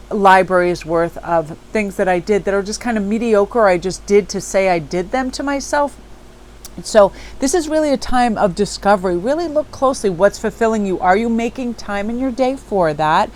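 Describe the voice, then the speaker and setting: Woman, tarot vlog host, warm-hearted spiritual chatter, average pitch, faint noise floor. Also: low-quality recording. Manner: upbeat, spiritual, chatty storytelling. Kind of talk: casual reflective monologue.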